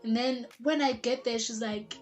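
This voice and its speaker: A woman's voice: fairly high pitch, steady tone, normal speed. A young woman from South Africa with a South African accent, telling a personal story in casual storytime style and slipping Zulu words into her English. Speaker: vlogger. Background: background music.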